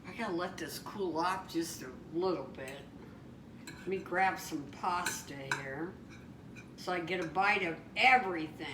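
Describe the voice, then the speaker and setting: This home cook's voice sits on the low side and moves a little slowly as she eagerly chats and exclaims through a casual recipe demonstration. Her kitchen echoes, the mic is far off, and a frying pan sizzles throughout.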